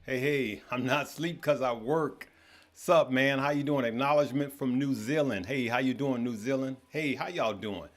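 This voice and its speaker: Here a medium-pitched male voice moves at a normal pace as a father hosts a relaxed live stream. Fillers pepper his loose chatter, and he stumbles a bit while saying hello to viewers by name.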